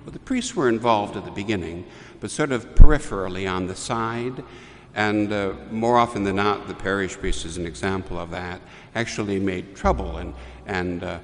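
Man preaching in a reverberant church. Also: low-pitched. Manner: measured storytelling with restarts. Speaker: priest. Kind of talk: homily.

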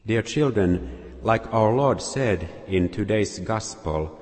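Male preacher, very deep voice, slow deliberate delivery, long church reverb. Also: expressive, darkish tone. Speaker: Catholic preacher. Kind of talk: sermon storytelling.

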